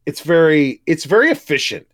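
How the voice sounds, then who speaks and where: Animated man gushing about a movie. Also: fairly high pitch, moderate pace. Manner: enthusiastic, restarts often, swears. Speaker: podcast co-host. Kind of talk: casual movie chat.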